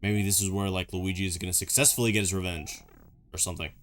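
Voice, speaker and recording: A man's voice: low voice, steady tone, fast talker, a little hiss or hum. A man giving casual, joking reaction commentary on videos, rambling through chatty asides.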